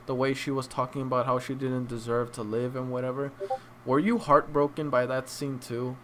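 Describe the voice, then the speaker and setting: A young man hosting an anime review, choked up and crying, talking in a heartfelt, halting way with many restarts. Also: medium pitch, level tone, a little hiss or hum. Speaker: anime reaction channel host. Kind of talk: emotional casual review.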